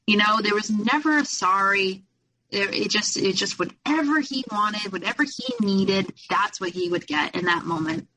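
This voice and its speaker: On a podcast, a guest who survived abuse retells what happened to her, quoting lots of dialogue as she shares her story candidly. She's a young adult woman whose medium-pitched voice sounds animated and sharp at a moderate pace, though the audio quality is poor.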